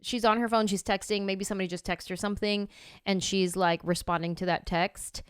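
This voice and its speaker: A woman in her thirties hosting a podcast, telling a story in a casual, animated way and acting out her own reactions. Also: medium pitch, a little fast, smooth, no room sound, studio quality. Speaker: podcast host.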